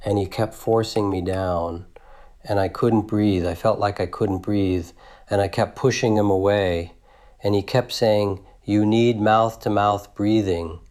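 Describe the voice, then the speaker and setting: A man in his thirties giving grand jury testimony, recounting a night in halting detail and often repeating himself. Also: lowish voice, darkish tone. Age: 30s. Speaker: witness testifying. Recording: old archival audio.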